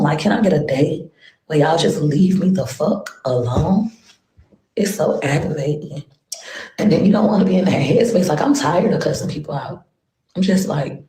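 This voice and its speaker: A woman's voice: low voice, darkish tone. A woman rambling on a livestream, venting her frustration with sighs. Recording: echoey room.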